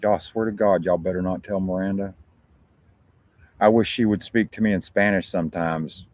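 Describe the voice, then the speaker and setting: A man's voice: deep voice, steady tone, moderate pace, a little mellow. A man with an American accent, hosting a talk show and chatting casually to his viewers in a rambling, profane way. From United States.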